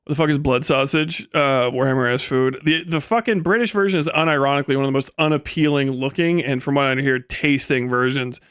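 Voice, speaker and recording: A man's voice: mid-range voice, a little fast, hardly any pauses, a bit bright, clear, resonant tone, no room sound, clean studio sound. A man chatting casually on a live stream, rambling and swearing often and breaking into laughs.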